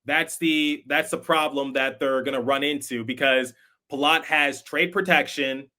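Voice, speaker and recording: A man's voice: mid-range voice, fairly even intonation, unhurried, sharp tone. A man hosting a sports podcast, giving conversational, emphatic opinion commentary with some repeated words. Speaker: podcast host.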